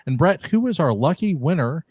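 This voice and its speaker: A man's voice: on the high side, big pitch swings, moderate pace, a little mellow, no echo. A man from California hosting a live stream, upbeat and rambling, laughing often. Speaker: podcast host. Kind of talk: casual live-stream chat.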